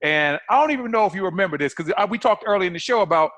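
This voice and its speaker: A man co-hosting a podcast, chatting in a lively, slangy way and acting out old exchanges. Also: sits high, very fast. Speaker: podcast co-host. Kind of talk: casual interview chat.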